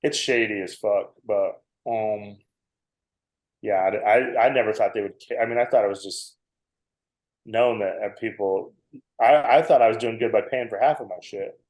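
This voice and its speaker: A man's voice: lowish voice, moderate pace, a little mellow. A man in his forties, a comedian guest, telling a long, self-mocking story on a podcast and laughing often. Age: 40s. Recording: roomy echo.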